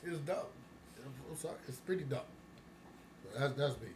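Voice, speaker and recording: A man talking casually on a talk show, blunt and profane, breaking into laughter as he rants. His voice rings in a noticeably echoey room. A steady hiss of noise sits under the whole recording. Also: on the high side, moderate pace. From United States. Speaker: podcast co-host. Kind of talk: casual chat.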